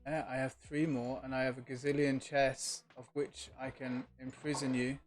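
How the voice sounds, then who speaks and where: A man's voice: mid-range voice, level tone, moderate pace. A man streaming a game live, casually thinking aloud and chatting back to his viewers. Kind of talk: relaxed live-stream gaming chat. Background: faint lo-fi music.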